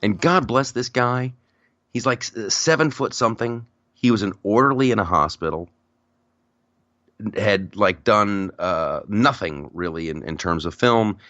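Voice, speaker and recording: A man hosting a laid-back podcast speaks in a low voice, a little on the slow side. He wanders through stories with lively energy and many restarts, and the recording is dry, echo-free, and somewhat dull.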